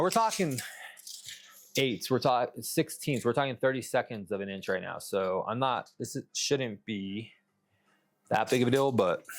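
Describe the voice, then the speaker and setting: A man in a workshop vlog talks the viewer through his fabrication work in a loose, rambling way. His pitch sits in an ordinary middle range, and he mutters and curses under his breath as he goes. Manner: loose and rambling, talks to camera while measuring; mutters and swears to himself mid-task. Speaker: custom truck fabricator.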